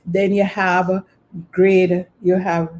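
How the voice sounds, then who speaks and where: A woman's voice: on the low side, level tone, slow pace, darkish tone. A middle-aged Jamaican woman hosting her channel, telling rambling stories about her school days with lots of "you know". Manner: rambling, filler-heavy storytelling. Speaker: channel host. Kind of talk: casual reminiscing monologue.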